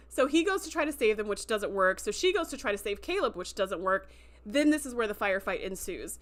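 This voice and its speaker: A woman hosting a livestream, recapping a TV episode in a chatty, animated way and acting out quotes. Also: fairly high pitch, normal speed. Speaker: show review host. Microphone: livestream microphone.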